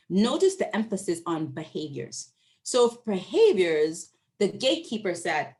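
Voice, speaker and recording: Animated woman presenting research findings. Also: mid-range voice, moderate pace. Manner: lively and conversational, asks the audience questions and often checks in with "right?"; acts out her interviewees' voices when quoting them. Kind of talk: academic presentation to an online audience.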